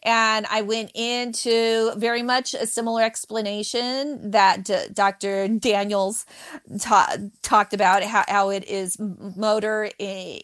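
A woman comedian who stutters, giving candid, animated answers in an interview and laughing often. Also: mid-range voice, slow. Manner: stutters, with repeated sounds.

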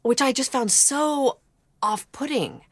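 A woman's voice: sits high, expressive, slow, no room sound. Reflective woman host interviewing. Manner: reflective, thinks aloud. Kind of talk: interview conversation.

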